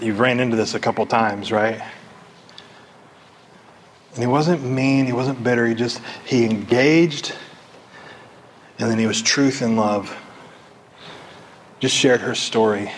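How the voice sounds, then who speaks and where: A man preaching a sermon as pastor at a church service, animated and conversational, often quizzing the congregation. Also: mid-range voice, moderate pace, pauses often, slight background noise.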